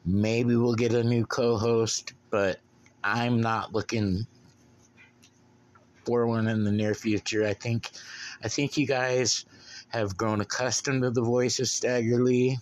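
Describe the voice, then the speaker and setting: Speaking slowly with a flat delivery in a mid-range voice, a male podcast host goes it alone. He rambles bluntly and casually, drinking beer and swearing a lot along the way.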